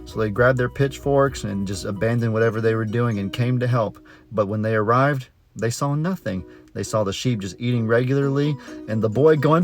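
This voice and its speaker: A man's voice: medium pitch, normal speed, soft background music. A man who is a farmer vlogger, telling a story in a chatty, folksy way with frequent self-corrections. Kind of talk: casual storytelling vlog.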